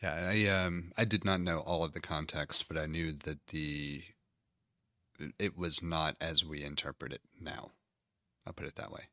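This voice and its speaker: Very deep-voiced podcast co-host. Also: male voice, fairly even intonation, bright, forceful tone, dry recording, clean studio sound. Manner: measured, careful phrasing. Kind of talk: casual chat.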